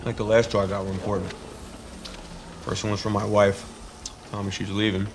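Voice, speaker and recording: An actor playing a glum man who speaks deadpan. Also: lowish voice, fairly quick, a little hiss or hum, natural voice.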